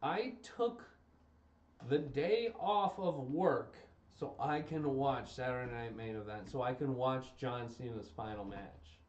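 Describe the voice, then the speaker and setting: A man's voice: mid-range voice, unhurried, distant mic. A young adult man streaming, talking casually and emphatically, repeating himself as he vents his exasperation. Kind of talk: casual ranting commentary. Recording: roomy, dull lo-fi stream audio.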